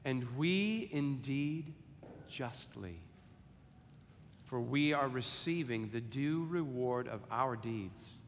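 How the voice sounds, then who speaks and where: A man preaching a sermon and reading scripture, deliberate and measured, lifting his voice for quoted lines and sinking soft on solemn ones. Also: medium pitch, a little hiss or hum. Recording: long hall reverb, faint ambience.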